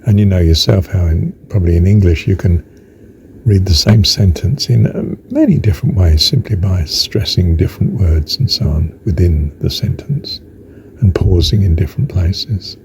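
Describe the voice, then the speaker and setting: An older man giving a reflective spoken meditation on faith, musing slowly, halting on fillers and dropping into soft whispered asides. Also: low-pitched, animated, creaky, noisy background. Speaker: speaker on faith.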